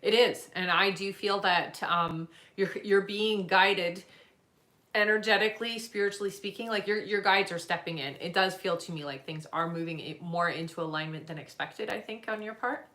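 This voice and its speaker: A woman giving live psychic readings, answering gently and reassuringly with many pauses and fillers. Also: mid-range voice, echoey room. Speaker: psychic reader.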